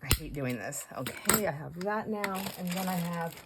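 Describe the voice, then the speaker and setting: A woman's voice: lowish voice, expressive, moderate pace, heavy background noise. Rambling, chatty woman crafter. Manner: rambling, self-deprecating, laughs often. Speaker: crafting channel host. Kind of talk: casual chat while crafting.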